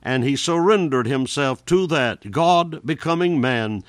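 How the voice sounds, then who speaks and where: A man's voice: fairly high pitch, no room sound. A man preaching a Bible exposition sermon, speaking earnestly and straight to his listeners, reading King James verses between his own comments.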